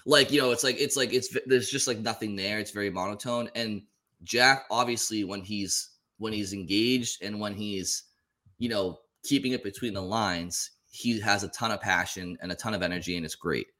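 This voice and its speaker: A man's voice: on the low side, steady tone, moderate pace, pushed and bright. A man co-hosting a casual sports talk show, rambling and often stumbling over repeated words. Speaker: podcast co-host.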